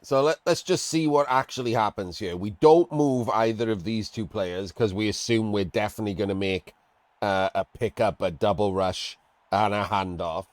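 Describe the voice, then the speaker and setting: A man's voice: fairly low pitch, normal speed, dry recording. A man giving casual, blunt and sarcastic commentary on a game replay, talking to his chat. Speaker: streamer reviewing a game replay.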